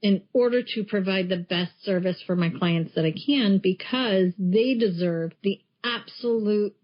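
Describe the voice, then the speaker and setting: A woman who is a life coach co-hosts a podcast, speaking a little slowly in a mid-range voice. She chats casually but frankly and emphatically, swearing freely, on muffled lo-fi audio.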